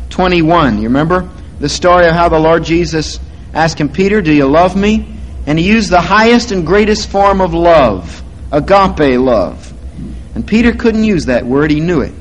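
A man preaching a sermon, slow and deliberate, swelling louder on key words. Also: fairly high pitch, slight background noise, rough recording. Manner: slow, deliberate stress on words to teach them.

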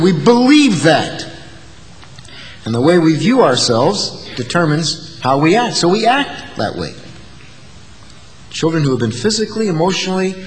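A man's voice: on the high side, long reverb tail, poor audio. A male pastor delivering an earnest sermon, building to emphatic peaks. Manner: earnest, rising to emphatic peaks, acting out quoted insults.

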